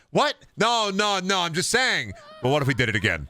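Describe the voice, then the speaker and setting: Bright-voiced man riffing sarcastically over a game. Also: high-pitched, wildly swooping pitch, a little fast. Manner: rambling, sarcastic, profane, riffing with goofy voices. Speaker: streamer. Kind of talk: casual gameplay commentary.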